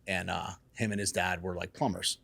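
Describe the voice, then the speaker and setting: Brief: deeper-voiced man, salon owner guest, lively swearing storyteller. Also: normal speed, vocal fry, breathy edge. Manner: animated, acts out quotes in raised excited voices; casual, swears freely. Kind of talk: casual storytelling.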